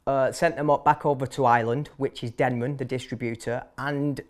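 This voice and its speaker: Man, Manchester accent, thirties, barber guest, blunt, chatty, fillers and restarts, medium pitch. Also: steady tone, a little fast. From Manchester, England. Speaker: barber and shop owner, interview guest. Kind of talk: casual interview storytelling.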